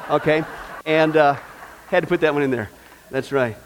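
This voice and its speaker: An American man preaching a sermon, animated and emphatic, asking his listeners questions and joking along the way. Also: fairly high pitch, moderate pace, slight background noise. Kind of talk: sermon with humor.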